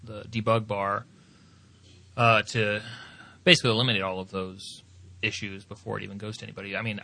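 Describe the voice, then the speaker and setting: A man's voice: on the low side, vocal fry, pushed and bright. A man hosting a casual podcast chat and wrapping up the episode. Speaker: podcast host.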